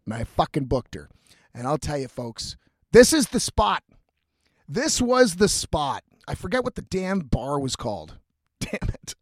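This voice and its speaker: A man with a slightly high voice tells a long, rambling story, full of swearing. His delivery is casual and animated. The sound is dry and close, with no room echo. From Canada.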